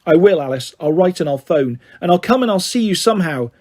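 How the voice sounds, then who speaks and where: A man's voice: high voice, lively intonation, fairly quick, darkish tone. A man voicing a cheeky, dramatic young schoolgirl. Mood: pleading. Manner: pleading, dramatic.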